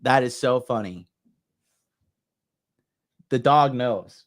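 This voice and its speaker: A man hosting a reaction commentary show, talking in a slangy, animated way with lots of swearing and laughing. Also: mid-range voice, unhurried. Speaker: dating commentary host.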